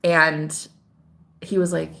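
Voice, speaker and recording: A woman telling a personal story in casual chat to her viewers, animated and talkative, swearing and calling her audience "girl". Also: low voice, slow pace, vocal fry. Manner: voices other people in quoted dialogue. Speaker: spiritual advisor.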